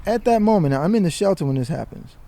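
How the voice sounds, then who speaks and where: A man telling a personal story in a casual, animated way, full of slang and swearing. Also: sits high, fast. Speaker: guest.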